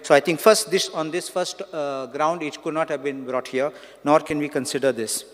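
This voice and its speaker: A man's voice: fairly high pitch, fairly even intonation, moderate pace. A man, a legislator and advocate, raising formal objections in a debate and citing statutes, dates and constitutional articles. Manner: legalistic, cites statutes and dates. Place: legislative assembly hall. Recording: long reverb in assembly chamber.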